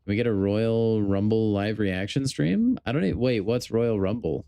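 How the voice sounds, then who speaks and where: Smooth low-voiced male game streamer. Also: moderate pace, warm tone, no room sound. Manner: chatty, joking, talks to his chat. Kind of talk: live-stream gaming chat.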